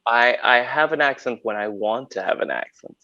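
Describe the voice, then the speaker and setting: A man's voice: medium pitch, normal speed, gravelly, sharp tone, no echo. A man from Honduras whose first language is Spanish, a podcast guest chatting playfully and fond of putting on voices. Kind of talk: casual chat. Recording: dull dry lo-fi audio.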